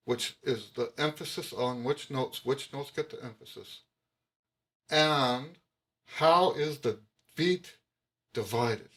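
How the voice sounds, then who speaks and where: A man's voice: mid-range voice, takes it slowly, long pauses, fairly bright tone. A man teaching jazz trumpet to camera, emphatic, repeating his key points with frequent restarts. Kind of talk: explaining music to camera.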